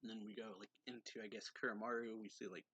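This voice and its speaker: A man casually recapping a manga chapter as a reviewer, rambling with lots of filler words and frequent throat clearing. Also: fairly low pitch, flat delivery, fast talker, a bit bright, no room sound, highs cut off.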